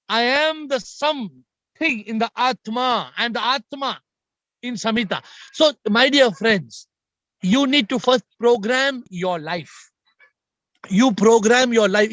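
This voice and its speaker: A man's voice: extremely high pitch, fairly bright tone, no echo. A man giving an emphatic spiritual talk on a group video call, repeating points and speaking straight to his listeners. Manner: emphatic, repetitive, addresses listeners directly. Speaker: spiritual teacher.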